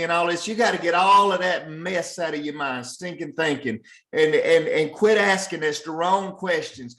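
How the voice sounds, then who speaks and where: A man's voice: fairly high pitch, a bit bright, roomy sound. A man giving an earnest, repetitive motivational talk as a sales trainer, pressing his point again and again.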